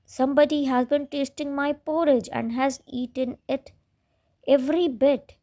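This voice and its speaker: A woman's voice: sits high, fairly even intonation, normal speed, mellow, voice pushed up. A woman voicing a small crying boy bear cub who wails and sobs. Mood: wailing. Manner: wailing, sobbing.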